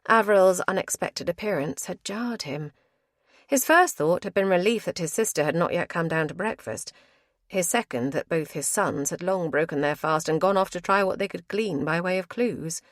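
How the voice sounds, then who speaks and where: Woman, audiobook narrator, measured, low pitch, dry studio sound. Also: no room sound. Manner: measured, even storytelling. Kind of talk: scripted narration.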